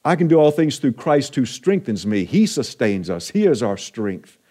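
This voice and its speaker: A pastor delivers an encouraging sermon, slowing for emphasis. He is a man with a dark, mellow voice at an ordinary pitch for a man. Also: very animated, husky. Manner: earnest, encouraging preaching with slow emphatic stretches.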